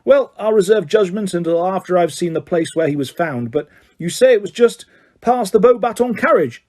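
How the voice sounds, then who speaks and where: A man's voice: high voice, animated, normal speed, darkish tone, pitched above the performer's own voice. A man voicing a flustered, pompous middle-aged government minister who blusters defensively. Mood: blustering.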